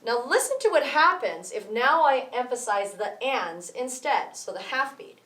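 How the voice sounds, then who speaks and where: A woman's voice: high voice, big pitch swings, normal speed, hardly any pauses, a bit bright. A woman teaching a music rhythm lesson, explaining step by step and counting beats aloud. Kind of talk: rhythm tutorial. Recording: roomy echo, voice from some distance.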